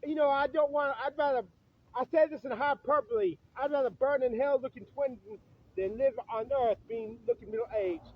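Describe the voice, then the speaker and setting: At night beside a church, a vlogger in his fifties swears his way through an angry, bitter rant to camera, repeating himself. He has an extremely high pitch, a steady tone, and a moderate pace, while the audio has its highs cut off.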